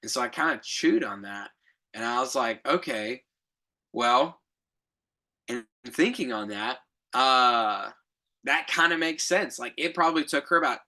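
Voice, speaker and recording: A man's voice: mid-range voice, animated, unhurried, pauses often, bright, forceful tone. A young adult man hosting a podcast, telling a reflective story in a rambling casual way, with fillers, self-corrections and light laughs. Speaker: podcast co-host.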